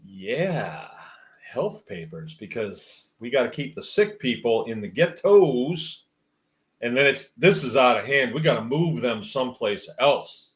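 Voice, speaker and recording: A man's voice: medium pitch, sing-song, unhurried. A man hosting a livestream, reading out viewer comments and musing in a rambling, wry, casual way. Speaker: host.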